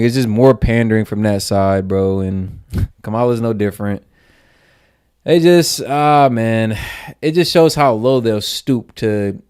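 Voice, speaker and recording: A man's voice: mid-range voice, a little mellow, clear, resonant tone. Man streamer, casual reaction talk, slangy, blunt, mocking.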